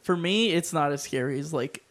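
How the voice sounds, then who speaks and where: A man's voice: a little high, moderate pace, fairly bright tone. A young man co-hosting a podcast, chatting casually in a rambling way. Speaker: podcast co-host. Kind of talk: casual chat.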